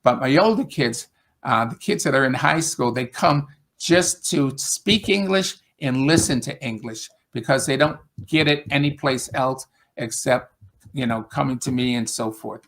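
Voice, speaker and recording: A man's voice: medium pitch, unhurried, fairly bright tone. A man with an upstate New York accent talking casually on a video call, rambling with fillers and restarts as he describes teaching English. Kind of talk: casual conversation.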